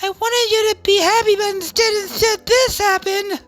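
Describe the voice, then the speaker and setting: Woman voicing a high, stammering, lovestruck girl who is dangerously obsessive, for a game dub. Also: fairly even intonation, normal speed, fairly bright tone. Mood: panicked. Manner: breathless, pleading, stammering. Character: obsessive lovestruck young woman wielding a machete.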